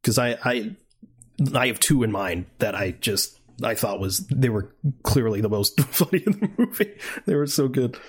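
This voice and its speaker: A man's voice: medium pitch, lively intonation, moderate pace, slightly rough. A man co-hosting a podcast, chatting casually about a film, laughing often and joking sarcastically. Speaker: podcast co-host. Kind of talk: casual chat.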